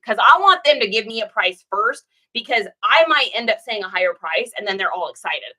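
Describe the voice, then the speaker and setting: A woman reseller talks through her orders in a loose, chatty vlog style, full of fillers and quick laughs. Her voice is bright and forward. She rambles comfortably as she goes. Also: medium pitch, expressive, rough recording. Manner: laughs easily. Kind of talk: casual vlog while packing orders.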